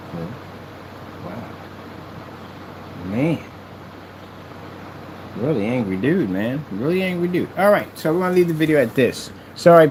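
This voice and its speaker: A man vlogging to the camera in a boastful, mocking tone, repeating his taunts and getting excited. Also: a little high, a little hiss or hum, rough recording. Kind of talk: taunting vlog talk to camera.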